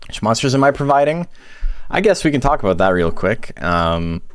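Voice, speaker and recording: A man's voice: medium pitch, big pitch swings, moderate pace, clean tone, no room sound. A man live-streaming in casual chat, rambling and self-deprecating while fighting hiccups. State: has hiccups.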